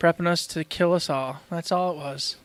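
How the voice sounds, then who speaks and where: A man co-hosting a casual gaming podcast, excitable and speculating with lots of laughs. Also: on the high side, moderate pace, no room sound. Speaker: podcast co-host.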